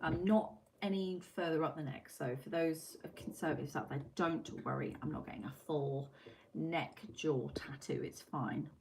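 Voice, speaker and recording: Woman, livestream host, lower-pitched, chatty and casual, reads out chat, light background hiss. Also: moderate pace, creaky. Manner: chatty, reads out viewer comments, swears casually. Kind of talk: casual live-stream chat.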